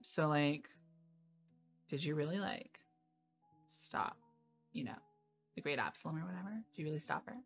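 A woman voices a curious young artist with a casual, halting manner full of "like". Faint guitar music plays behind. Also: low voice.

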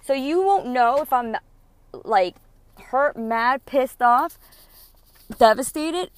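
A woman's voice: high voice, expressive, takes it slowly, dry recording. A woman, a mother, telling her own story in a candid storytime monologue. She is blunt, swears freely and acts out what others said. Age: adult mother. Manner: blunt, profane and emotional, quoting others in dialogue.

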